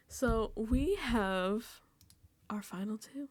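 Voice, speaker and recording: A woman talking through a TV recap with an animated, emphatic delivery and a fairly high voice. She swears casually and now and then drops into a hushed, whispered aside. The sound is close and dry, with no room around it. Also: moderate pace, no room sound. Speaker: reality TV recap host.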